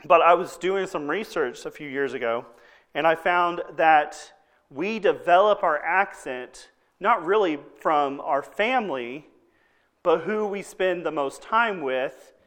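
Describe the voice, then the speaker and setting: A man preaches to his congregation in an easygoing, talky manner, often pausing to ask "okay?" before moving on. His voice sits a little higher than most men's. He sounds like a pastor speaking to his own church. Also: lively intonation, a bit bright. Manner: conversational preaching with frequent "okay?" check-ins. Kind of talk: sermon.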